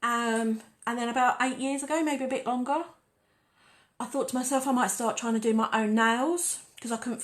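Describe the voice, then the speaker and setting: A woman hosting a casual nail-art tutorial, chatting and rambling as she works on the nails. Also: a little high. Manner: chatty, rambling, talks while working.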